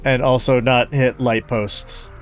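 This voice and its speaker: A gaming YouTuber plays through a story game in a let's play, reading every character's lines aloud in different voices and joking and laughing at the game. His mid-range voice has little pitch movement and takes things slowly, with soft music in the background.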